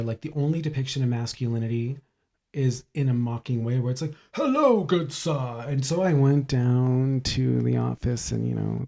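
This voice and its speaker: A man's voice: mid-range voice, vocal fry, warm tone. A man co-hosting a podcast, ranting and sarcastic in casual comedic chat. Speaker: podcast co-host.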